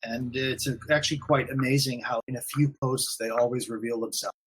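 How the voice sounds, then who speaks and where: A man's voice: mid-range voice, steady tone, fairly quick, slightly rough. A man talking casually on a live stream, rambling and repeating himself with many fillers. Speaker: forum admin guest.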